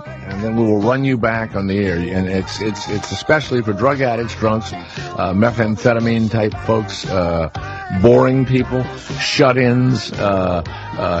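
A man's voice: fairly low pitch, highs cut off. A middle-aged man with a Southern accent hosting a talk radio show, blunt and profane, rambling between topics. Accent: American Southern. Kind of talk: casual talk radio chat.

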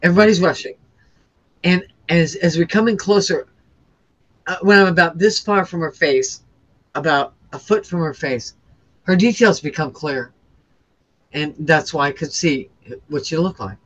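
Through a muffled recording, a low-pitched woman speaks at normal speed, pausing often. As a guest, she describes nearly dying with earnest, emotional intensity, frequently starting her sentences over.

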